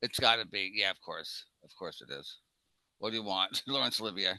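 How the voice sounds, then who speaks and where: A man in his seventies, co-hosting a casual film podcast and telling animated anecdotes. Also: sits low, fairly quick, no echo, poor audio. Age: 70s. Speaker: podcast co-host.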